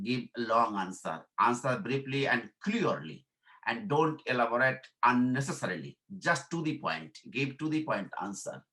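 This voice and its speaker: A man's voice: mid-range voice, rough recording. A man from Bangladesh giving an informal workshop lesson, repeating his points and checking in with "okay?". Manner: repeats phrases, asks "okay?" to check understanding; acts out quoted dialogue in softer voice. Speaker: workshop instructor. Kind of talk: informal teaching talk.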